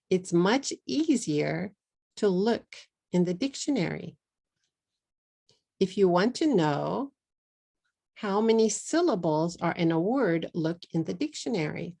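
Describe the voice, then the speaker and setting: A middle-aged woman from Texas with a Texan accent, teaching an online English lesson in a slow, deliberate way and slipping into Japanese at times. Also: on the low side, vocal fry, darkish tone. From Texas, USA.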